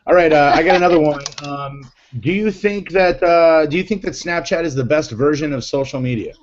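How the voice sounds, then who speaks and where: A man hosting a casual group chat, upbeat and playful, quick to laugh. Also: on the high side, lo-fi sound, a little hiss or hum. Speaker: show host.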